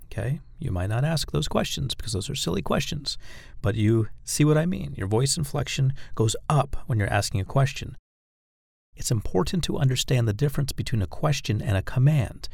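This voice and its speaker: A man's voice: mid-range voice, lively intonation, moderate pace, creaky, darkish tone, dry recording, studio quality. A man giving an instructional talk on dating persuasion, speaking directly to the listener and acting out example phrases. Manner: demonstrates phrases by acting them out; direct, coaching address to the listener.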